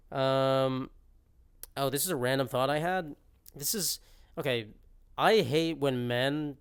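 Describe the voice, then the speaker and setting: Young man, podcast host, casual rant, smooth, mid-pitched, exaggerated and jokey. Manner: rambling, jokey, exaggerated rants. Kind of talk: casual solo podcast monologue.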